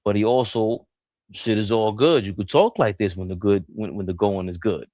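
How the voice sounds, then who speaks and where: A man co-hosting a casual basketball talk show, animated and joking, laughing in the middle of his sentences. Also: moderate pace, no echo. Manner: animated, laughs mid-sentence, swings between loud and low. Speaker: co-host.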